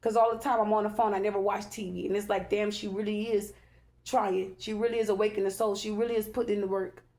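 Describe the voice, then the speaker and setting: Woman, tarot reader, casual spiritual chat, emphatic, keeps asking "okay?", mid pitch. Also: little pitch movement, fast talker, darkish tone. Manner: chatty, repeats "okay?" often, emphatic and preachy.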